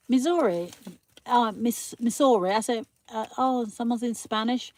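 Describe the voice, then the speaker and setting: British woman host, chatty live-stream ranter, higher voice, dry close sound. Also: measured pace, a little mellow, dry recording. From Britain. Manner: chatty, ranting, reads out viewer comments. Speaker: livestream host. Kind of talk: casual live-stream chat.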